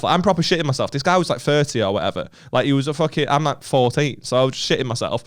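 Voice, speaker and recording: A man's voice: on the high side, lively intonation, rapid-fire, few pauses. Sweary man telling a story. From Stoke, England. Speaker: podcast co-host. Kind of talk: casual storytelling chat.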